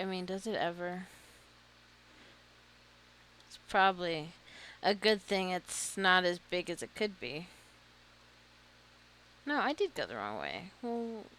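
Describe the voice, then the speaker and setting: Female streamer, self-deprecating gameplay chatter, lively pitch that jumps around. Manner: self-deprecating, muttering to herself, nervous laughter. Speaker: gaming streamer. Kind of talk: casual gameplay commentary.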